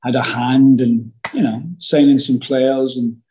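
A middle-aged Scottish man, an actor guest telling stories in a casual interview, animated and rambling with many fillers and restarts. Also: medium pitch, unhurried, a little hiss or hum, rough recording. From Scotland.

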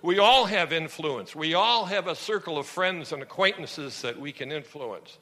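Lively bright-voiced male pastor preaching. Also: a little high, moderate pace, big-room sound. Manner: animated storytelling preacher. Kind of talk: sermon.

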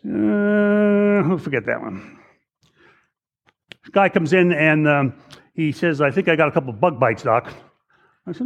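A man's voice: a little high, animated, a little slow, creaky, pauses often, muffled recording. Rambling male doctor giving a lecture. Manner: conversational, repeats words, acts out patients in raised voice. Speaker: emergency physician lecturing. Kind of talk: case-based medical lecture with anecdotes.

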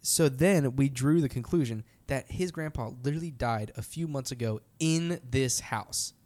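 A young man telling a story in casual podcast chat, animated and full of "like" fillers. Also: medium pitch, moderate pace. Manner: animated, heavy use of "like" fillers. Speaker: podcast storyteller, band member.

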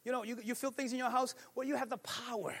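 High, bright-voiced preaching man. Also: fairly even intonation, fast talker, slightly rough, in a large hall. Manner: builds from quiet musing to fervent shouting. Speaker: pastor. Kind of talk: sermon. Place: church sanctuary.

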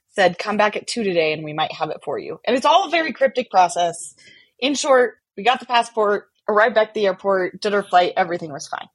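A woman telling a personal story in a casual, animated way, often saying "like". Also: mid-range voice, dry recording, poor audio. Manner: animated, chatty, many fillers like "like". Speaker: podcast guest telling a story.

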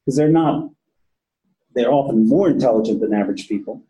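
A man's voice: mid-range voice, animated, brisk, mellow, echoey room, highs cut off. A man who works with patients, giving a casual training talk to police officers and often repeating himself. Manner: conversational, repeats words, casual swearing. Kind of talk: training lecture.

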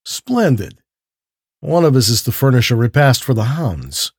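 A man's voice: mid-range voice, sing-song, a little slow, darkish tone, slightly rough, dry recording, clean studio sound, exaggerated voice. A man voicing a suave, aristocratic older Cossack general who speaks in a courtly, mocking way.

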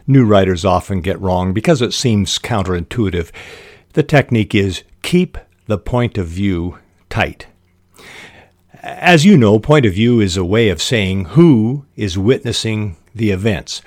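Low-voiced man teaching fiction writing. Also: darkish tone, no room sound, clean studio sound. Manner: measured, reads examples aloud with short pauses. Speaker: writing podcast host. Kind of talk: instructional talk on fiction writing.

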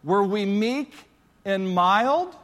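Male pastor, sermon, storytelling, animated, high voice, long hall reverb. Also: very slow. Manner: storytelling, animated, excitable bursts. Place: church auditorium.

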